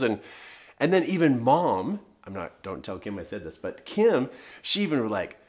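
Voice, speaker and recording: Man, middle-aged, parenting coach, motivational talk, emphatic, rhetorical questions, lively swinging pitch. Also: normal speed.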